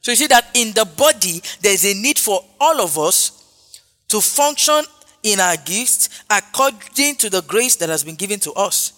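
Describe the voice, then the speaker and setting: Faint music and a long hall reverb surround a man preaching in a high-pitched, expressive voice at normal speed. His tone is bright and forceful, and he stays emphatic, repeating phrases and calling out hallelujah often.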